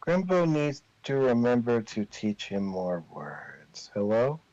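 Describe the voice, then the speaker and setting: A man voicing an eerie male creature that parrots the hero's voice in halting, broken phrases. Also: mid-range voice, very animated, mellow. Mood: eerie mimicking. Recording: dull lo-fi recording.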